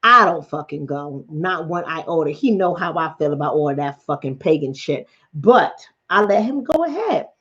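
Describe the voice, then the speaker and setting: A woman's voice: low-pitched, normal speed, few pauses. A middle-aged woman from the Bronx with a New York accent, a relationship coach telling stories bluntly and profanely on a late-night stream. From the Bronx, New York City. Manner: blunt, profane, animated storytelling. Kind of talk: late-night livestream chat. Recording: dull lo-fi sound.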